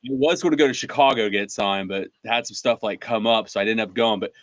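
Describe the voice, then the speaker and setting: A man hosting a podcast, telling stories in a relaxed, chatty way with plenty of fillers. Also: on the low side, fast talker, dry recording. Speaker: podcast host. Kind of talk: casual interview chat.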